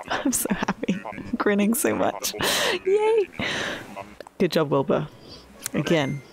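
A woman commenting casually on her game, excitable and chatty with frequent giggles. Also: medium pitch, vocal fry. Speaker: gaming vlogger. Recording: soft background music.

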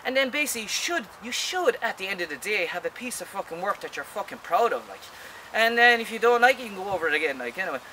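A man's voice: high voice, big pitch swings, quick pace. A man, an artist, delivering an angry, rambling, profanity-filled rant. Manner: angry, swears constantly, rambling. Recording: distant voice, loud outdoor street traffic.

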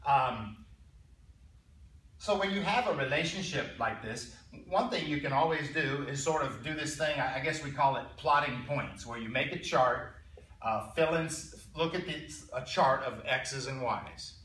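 A man teaching a college algebra class, pausing, restarting and often clearing his throat as he asks the students questions. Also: mid-range voice, fairly bright tone, slight background noise. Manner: halting, repeats words, clears throat often. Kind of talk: classroom lecture. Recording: echoey classroom from far off.

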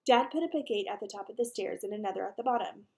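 A woman reading a children's chapter book aloud in an animated way, slowing for emphasis and putting questions to young listeners. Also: medium pitch. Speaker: reader.

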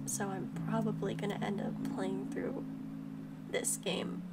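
A young woman giving casual, chatty commentary while playing a video game, correcting herself as she goes. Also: on the high side. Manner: chatty, self-correcting, upbeat. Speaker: let's play gamer. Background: loud video game music.

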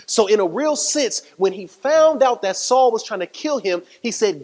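A man's voice: sits high, expressive, normal speed, hardly any pauses, darkish tone. A man pastor, preaching a sermon with rising emphasis and repeated phrases. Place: church sanctuary. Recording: long hall reverb.

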